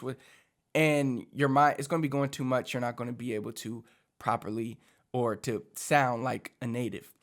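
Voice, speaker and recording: A man from Puerto Rico, teaching in a casual, chatty way full of fillers, as a language coach. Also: medium pitch. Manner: animated, chatty, many fillers like "like".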